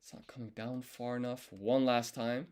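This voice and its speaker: A man studying on a live stream, thinking aloud and correcting himself as he works through each character in a relaxed, casual way. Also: mid-range voice, normal speed. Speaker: language learner streaming his study.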